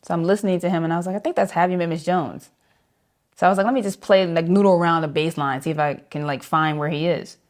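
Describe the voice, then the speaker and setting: A young woman, a saxophonist being interviewed, telling stories in an animated way, laughing often and acting out the voices of the people in them. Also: fairly low pitch, fast. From New York. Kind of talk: animated storytelling with acted-out quotes.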